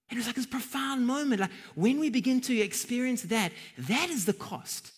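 Husky-voiced man preaching a sermon. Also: very high voice, animated, moderate pace. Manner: earnest, building to emphatic bursts. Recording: long hall reverb.

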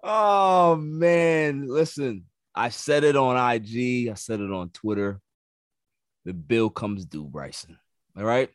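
A man's voice: on the low side, unhurried, no room sound. New York man hosting a dry-sounding podcast. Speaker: podcast host. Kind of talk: casual sports podcast chat.

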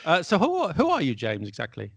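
A man hosting a casual podcast about the English language, an English teacher who asks questions in a playful, lively way. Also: on the high side, a little fast, gravelly, slightly rough, no echo. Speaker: podcast host. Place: Paris.

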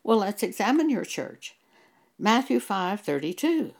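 A woman's voice: medium pitch, sing-song, measured pace, creaky, a little mellow. A woman preaching in a monologue, citing scripture with emphasis and pressing rhetorical questions. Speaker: Bible teacher.

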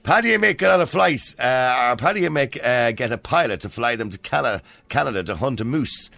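A man hosting a radio show, reeling off jokes in a jokey, chatty way. His voice is gravelly and bright, with a lively, rising and falling pitch. Faint music plays behind him. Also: brisk, no echo. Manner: jokey, does put-on accents in jokes. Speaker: radio host. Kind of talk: casual chat, telling jokes.

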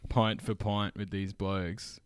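A man's voice: fairly low pitch, flat delivery, slow pace, smooth, dry recording, clean studio sound. A man co-hosting a podcast, telling rambling, profane anecdotes and laughing often. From Australia. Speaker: podcast co-host. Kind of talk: casual storytelling chat.

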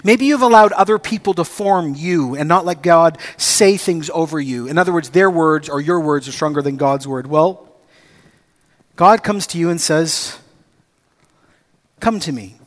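A man preaching a sermon as pastor, telling stories with acted-out dialogue and rising to excited emphasis. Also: on the high side, measured pace.

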